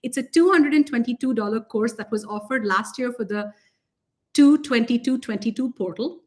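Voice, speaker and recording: A woman co-hosting a spiritual talk, gushing with excitement and laughing often. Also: fairly high pitch, normal speed. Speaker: spiritual teacher and co-host. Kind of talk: casual chat.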